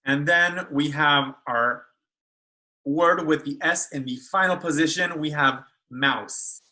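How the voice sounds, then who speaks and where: A male speech therapist gives children a video lesson at a school, carefully modeling each speech sound for them. He speaks slowly in a fairly high, sharp-toned voice, and the recording is rough.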